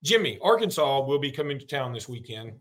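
A man's voice: mid-range voice, very animated, fairly quick, a bit bright. A man co-hosting a sports podcast in casual chat, joking and rambling as he talks. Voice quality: slightly muffled from a mint. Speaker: podcast co-host.

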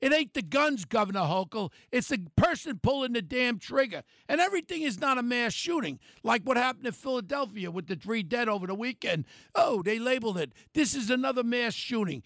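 An older man, delivering a blunt, angry talk radio rant and shouting at times. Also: extremely high pitch, lively intonation, a little fast, hardly any pauses, dry recording, clean studio sound.

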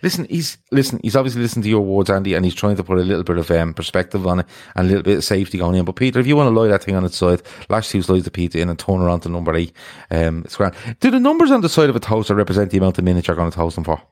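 A man's voice: sits low, animated, rapid-fire, hardly any pauses, a little mellow. A man with an Irish accent hosting a podcast in casual, blunt, teasing chat, swearing freely. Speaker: podcast host.

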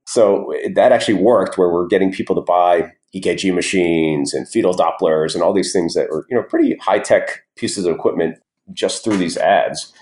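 A man with a very low voice talks through his career as an interview guest. He rambles easily, circling back with fillers and restarted phrases. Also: normal speed, a little mellow. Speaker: guest entrepreneur. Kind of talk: casual interview storytelling.

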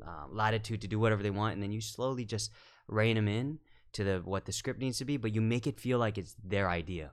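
Man with a smooth, resonant low voice. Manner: measured, thoughtful, many fillers and restarts. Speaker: film director guest. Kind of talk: casual podcast conversation.

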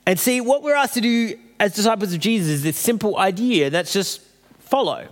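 Guy preaching a sermon, kinda high voice, long echo, chatty storyteller. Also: expressive, brisk. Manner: conversational storytelling preaching, voices quoted figures. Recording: long reverb of a hall.

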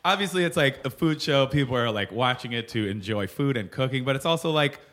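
A man's voice: medium pitch, animated, brisk, fairly bright tone. A man hosting a podcast, joking, swearing casually and hyping up his guest. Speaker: podcast host.

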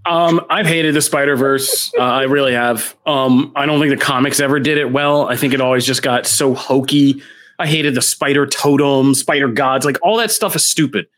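A man's voice: medium pitch, moderate pace, fairly bright tone. A man co-hosting a podcast, giving blunt, opinionated takes in casual comics chat. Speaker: podcast co-host.

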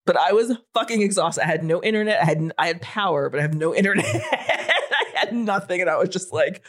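A woman in her forties telling a story in casual podcast chat, animated and swearing freely. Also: fairly low pitch, brisk. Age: 40s. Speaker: podcast co-host.

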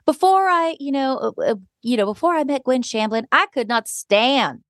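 A gushing, sugary church wife, as a woman puts her on. The voice climbs high above the speaker's own and is breathy and exaggerated in its sweetness. It is recorded dry and close. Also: lively intonation, moderate pace, no room sound. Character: gushing middle-aged female church member.

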